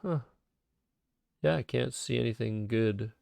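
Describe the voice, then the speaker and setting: A man's voice: mid-range voice, unhurried, gravelly, a little mellow, no room sound, clean studio sound. A man streaming a word game, thinking aloud and muttering candidate words in casual live commentary. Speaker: streamer playing word games.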